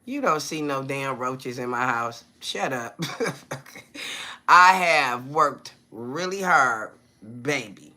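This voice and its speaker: A man's voice: medium pitch, animated, takes it slowly, pushed and bright. A man talking casually to viewers on a live stream on his phone. His talk is loose and slangy, he keeps asking them "you feel me?", and he breaks off to greet people by name.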